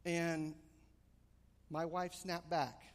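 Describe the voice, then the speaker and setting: Male pastor, slightly high voice, lively storyteller, long hall echo. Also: extremely slow. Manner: animated storytelling, rising excitement. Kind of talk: sermon with personal story.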